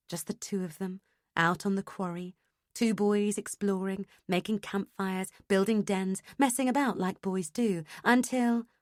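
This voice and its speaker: A woman reading a first-person audiobook in an expressive, emotionally engaged way. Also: medium pitch, no room sound, studio quality. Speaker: audiobook narrator.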